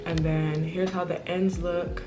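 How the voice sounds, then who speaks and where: A young woman talking casually to camera as a beauty vlogger, chatty and excitable, calling her viewers y'all. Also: fairly low pitch, measured pace. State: out of breath. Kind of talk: casual vlog talk to camera. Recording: echoey room with music behind.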